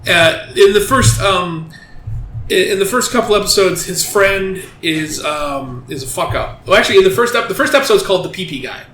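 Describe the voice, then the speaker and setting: A man hosting a casual podcast chat, an animated storyteller who swears freely. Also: high voice, brisk, a little hiss or hum. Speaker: podcast host. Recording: roomy room with faint ambience.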